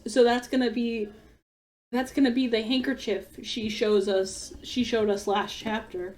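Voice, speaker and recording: A woman's voice: fairly high pitch, little pitch movement, a little slow, a little mellow, faint music behind. A young woman streaming a game, chatting casually and laughing often with lots of "like". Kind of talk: casual let's-play commentary.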